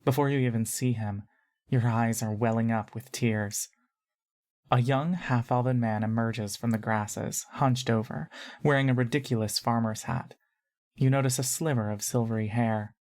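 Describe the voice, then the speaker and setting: A woman narrating a fantasy audio story in the second person, calm and measured. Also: very deep voice.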